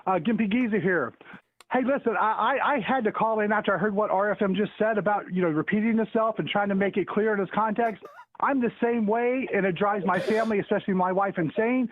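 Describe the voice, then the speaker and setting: A man's voice: sits high, brisk. A man calling in to a talk show, rambling casually with lots of stumbling restarts and jokes. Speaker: caller. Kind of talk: casual call-in chat. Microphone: phone call. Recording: tinny phone line, dry.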